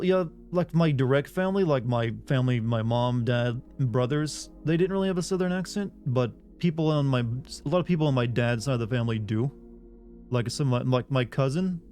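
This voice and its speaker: During a casual live stream, a man from the US South with no regional accent plays a game, reading viewers' messages aloud and answering them in a wandering way. His voice is mid-range with a darkish tone.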